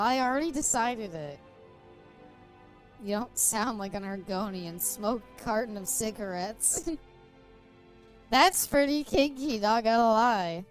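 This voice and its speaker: A woman streamer chatting casually and joking while reading aloud, often laughing. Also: a little high. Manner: giggly, joking. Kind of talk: casual chat while reading in-game book.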